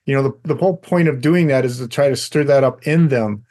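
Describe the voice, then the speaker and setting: A man co-hosting a faith podcast, talking in a relaxed, emphatic way and laughing often. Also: medium pitch, a little fast. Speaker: podcast co-host. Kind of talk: casual faith discussion.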